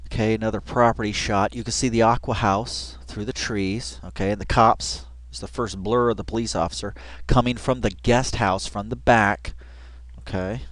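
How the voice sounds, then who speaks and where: A man giving casual, rambling commentary over a video he keeps pausing, thinking aloud with wry asides and frequent swearing. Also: on the low side, steady tone, fairly bright tone, no room sound.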